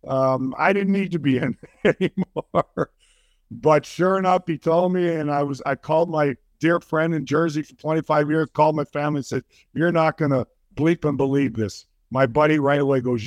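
An older man, a former hockey player, telling a story in an interview, animated and full of restarts. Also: on the high side, normal speed, dry recording.

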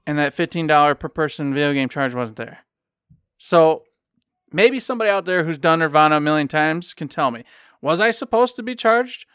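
Man, fairly high voice, smooth and clear, dry close mic, casual rambling storyteller, podcast co-host. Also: normal speed, no room sound. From Michigan. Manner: animated, rambling, acts out quoted people.

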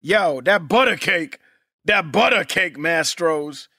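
Podcast co-host, male, high and bright, loud and excitable, swears a lot, very dry close mic. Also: takes it slowly, no room sound. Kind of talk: casual chat.

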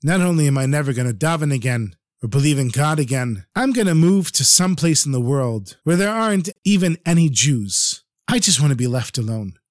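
A man's voice: fairly high pitch, lively intonation, fairly quick, few pauses, no room sound, clean studio sound, lightly acted. A man voicing a lonely middle-aged male Holocaust survivor, speaking with emotion and pleading. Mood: bitter.

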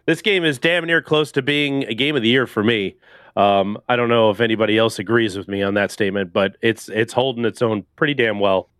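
A man's voice: lowish voice, brisk, fairly bright tone, clean tone, no room sound, studio quality. A man hosting a casual gaming podcast, rambling loosely and laughing often. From Canada. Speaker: podcast host.

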